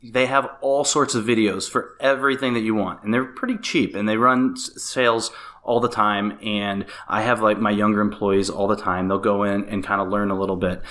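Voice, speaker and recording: A man talking as a guest on a business podcast, animated and casual, with many fillers and restarts. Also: on the low side, normal speed. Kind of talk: casual interview chat.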